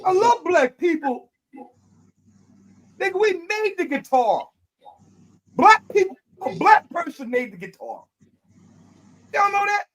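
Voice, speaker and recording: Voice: very high voice, very animated, slow pace, pauses often, fairly bright tone, rough recording. A host from Detroit in a casual streamed discussion, talking emphatically and trailing into fillers before pressing the point again. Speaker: podcast host.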